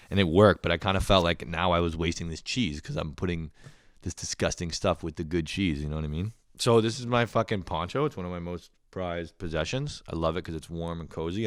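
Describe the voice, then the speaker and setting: A man's voice: low voice, no room sound, clean studio sound. A man hosting a podcast, ranting casually and profanely, rambling with lots of "like" fillers. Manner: rambling, profane, heavy use of "like". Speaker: podcast host. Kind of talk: casual comedic rant.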